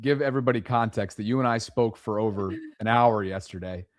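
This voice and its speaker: A man hosting a podcast, framing the story and asking steady follow-up questions. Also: on the low side, brisk, no echo, studio quality. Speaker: podcast host. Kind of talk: conversational podcast interview.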